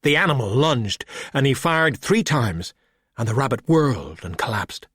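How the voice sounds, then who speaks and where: A man narrating an audiobook with a husky voice and lively pitch movement. He drops soft and quiet on the speech tags. The recording is close and dry. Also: normal speed, no echo. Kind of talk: scripted narration.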